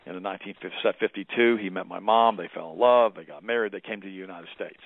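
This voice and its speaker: A man's voice: deep voice, quick pace, vocal fry, no echo. A man in his fifties co-hosting a talk radio show, telling a long story in a rambling, emphatic way. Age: 50s. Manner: rambling, emphatic storytelling with repeated "she goes". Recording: phone-like radio broadcast audio.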